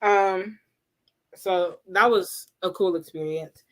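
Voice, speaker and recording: A woman hosting a casual livestream, telling a story in an animated, laughing way and acting out what people said. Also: lowish voice, slow pace. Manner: animated, laughing storyteller who acts out quotes. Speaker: livestream host.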